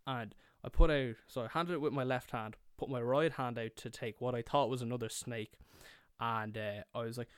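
Young irish guy spinning a sweary funny story, smooth clear voice, dry close sound. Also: medium pitch, fairly even intonation, fairly quick, dry recording. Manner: swears a lot, acts out his younger self and friends. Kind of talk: comic storytelling.

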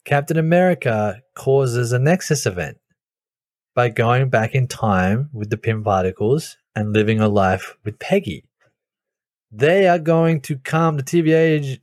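A man co-hosting a podcast in casual chat, laying out a theory step by step in a measured way. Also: medium pitch, a little mellow, dry recording, studio quality. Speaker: podcast co-host.

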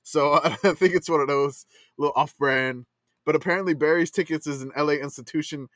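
A man's voice: fairly high pitch, fairly even intonation, brisk, a bit bright, no echo. Male co-host, rambling and giggly, dry close sound. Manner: rambling, filler-heavy, laughs often. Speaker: podcast co-host. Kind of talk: casual chat.

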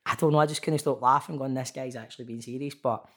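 A Scottish man, an actor and podcast guest, telling lively stories in a casual chat, swearing freely and calling the host mate. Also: medium pitch, fast talker. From Scotland. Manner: chatty storyteller, keeps saying mate, swears freely. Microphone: remote call.

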